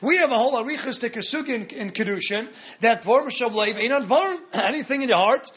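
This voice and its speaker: A man's voice: very high-pitched, expressive, brisk, breathy edge, lo-fi sound. A man teaching a Talmud lecture, firing rhetorical questions and answering them, with Hebrew and Aramaic terms woven through his English. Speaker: Torah teacher.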